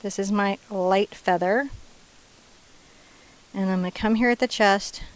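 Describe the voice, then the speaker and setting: A woman teaching a painting lesson step by step in a chatty, playful way, dropping into soft asides. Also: medium pitch, fairly even intonation, a little slow, low-quality recording. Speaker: painting instructor.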